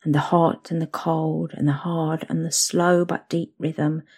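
A young woman narrating an intimate second-person story, soft and slow. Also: sits low, level tone, husky.

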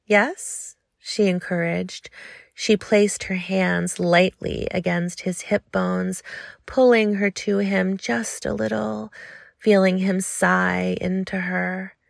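A woman reading an intimate story aloud in a slow, hushed, lingering way. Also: medium pitch, flat delivery, gravelly, no room sound, studio quality. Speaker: narrator.

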